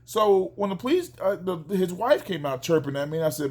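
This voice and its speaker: A man, a father, telling a neighbor story in a casual vlog, animated and acting out the quoted exchanges. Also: high voice, a little fast, few pauses.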